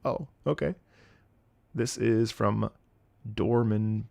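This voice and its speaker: A man's voice: mid-range voice, takes it slowly, gravelly, pauses often, dry recording, studio quality. A young man streaming, chatting casually in a rambling way, laughing and swearing freely. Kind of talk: casual live-stream chat.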